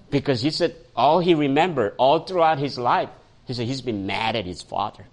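At normal speed and a medium pitch, a Korean-born pastor who speaks Korean natively gives a sermon built around stories. He's animated, shifting from raised voice to soft storytelling, quoting characters and often chuckling.

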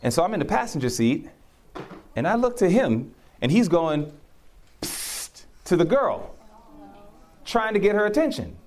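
A man whose voice sits high speaks at normal speed but pauses often. His talk is conversational testimony: he preaches through personal stories, animatedly acting out quotes and laughing frequently.

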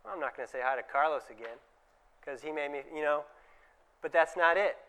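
A man speaks to a room of dentists in a relaxed, conversational way, slipping into quick impressions of parents and patients. His voice sits a little higher than most men's and sounds smooth and resonant. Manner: conversational, acts out little dialogues with changed voices. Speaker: dentist giving a presentation. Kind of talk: conference talk to dentists.

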